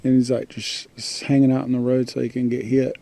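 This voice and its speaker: A man, rambling in halting bits as he talks to a hurt animal on the road. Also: mid-range voice, flat delivery, creaky, mellow. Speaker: passerby filming a hurt raccoon. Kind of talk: casual filmed talk.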